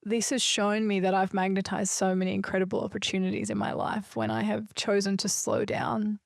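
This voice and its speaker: This solo podcast host is a woman whose mid-range voice runs a little fast and carries vocal fry. She talks earnestly, emphatically and reflectively, spiritual in tone and dropping a few loose swears. The recording is studio quality with no echo.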